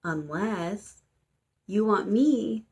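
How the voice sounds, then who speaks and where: A woman's voice: medium pitch, lively intonation, very slow, a little mellow. A woman casually quoting a teasing ghost boy in a lazy, teasing drawl, keeping close to her own voice.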